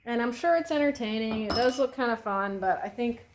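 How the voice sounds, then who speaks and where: A woman's voice: on the high side, fairly quick, background noise. A young woman vlogging as she does her makeup, casually chatting and giving strong opinions, swearing freely and rambling with fillers. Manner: rambling with many fillers and restarts. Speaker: beauty vlogger. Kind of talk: casual chat while doing makeup.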